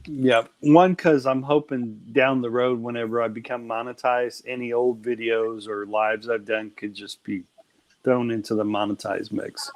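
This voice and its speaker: A man hosting a relaxed live stream, bantering and teasing his guests. He laughs easily and keeps the talk light, chatting at a middling pitch. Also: moderate pace. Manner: playful, teasing, laughs often. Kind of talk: casual group chat on a live stream.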